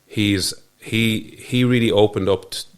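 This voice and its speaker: A man's voice: lowish voice, fairly even intonation, measured pace, clear, resonant tone. An Irish man talking earnestly in a studio interview, often restarting and trailing off mid-thought. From Ireland. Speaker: podcast guest. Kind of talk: reflective conversational interview.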